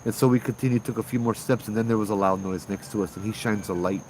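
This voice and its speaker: A man with a Hawaii local accent telling a ghost story casually, animated, acting out the voices of people in it. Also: fairly low pitch, fast talker, a little hiss or hum, rough recording. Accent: Hawaii local English. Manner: animated, acts out voices in dialogue. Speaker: ghost tour guide and storyteller.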